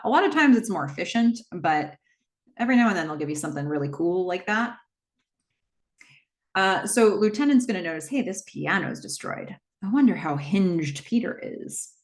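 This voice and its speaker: A woman hosting a casual horror movie recap, retelling the plot in a chatty way with quick asides. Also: fairly low pitch.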